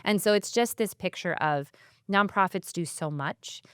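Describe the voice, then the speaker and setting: Smooth-voiced woman, chatty and heartfelt. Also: medium pitch, moderate pace, fairly bright tone, no echo, studio quality. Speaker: community foundation staff. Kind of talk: casual podcast conversation.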